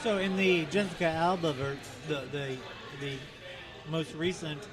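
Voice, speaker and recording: A man co-hosting a casual podcast, relaxed and asking questions, swearing now and then, recorded in the corner of a bar. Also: on the high side, measured pace, music in the background. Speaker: podcast co-host. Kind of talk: casual chat. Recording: busy bar crowd behind. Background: bar crowd chatter.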